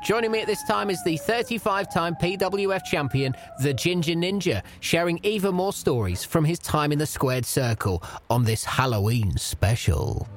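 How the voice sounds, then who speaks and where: Exasperated podcast host. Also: male voice, on the high side, expressive, normal speed, hardly any pauses, slight background noise. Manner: patient, exasperated straight man. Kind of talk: scripted comedy podcast hosting.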